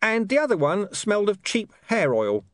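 A man's voice: high-pitched, sing-song, moderate pace, dry recording, clean studio sound, pitched above the performer's own voice. A man reading aloud, voicing a rambling street man who interprets for a dog and hunts for his words.

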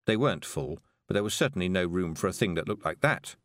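A man reading a storybook aloud, expressive and lively. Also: low-pitched, fast talker, dry recording, studio quality. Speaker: audiobook narrator. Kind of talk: scripted storybook narration.

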